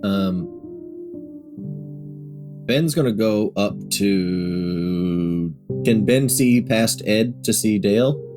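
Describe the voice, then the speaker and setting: Deep-voiced man playing a tabletop game. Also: drawn-out words, long pauses, music in the background. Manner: asks questions plainly, thinking aloud. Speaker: player.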